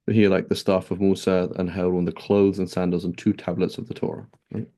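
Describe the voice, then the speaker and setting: Low gravelly guy giving a chatty lesson, mellow dark tone, keeps saying right?. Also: level tone, a little fast. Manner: conversational, many fillers and rhetorical "right?". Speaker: Islamic teacher. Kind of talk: casual classroom lecture.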